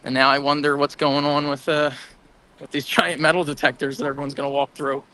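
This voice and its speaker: A man's voice: a little high, little pitch movement, a little fast, pushed and bright, poor audio. An American man giving a live report while walking a city street at night, rambling and hedging as he goes. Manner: rambling, hedging, chuckling as he talks.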